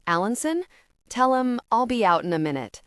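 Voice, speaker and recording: A woman's voice: on the high side, animated, normal speed, clear, resonant tone, dry recording, natural voice. Audiobook role: a woman doing a brooding young mechanic, terse and blunt, dry studio sound. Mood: curt.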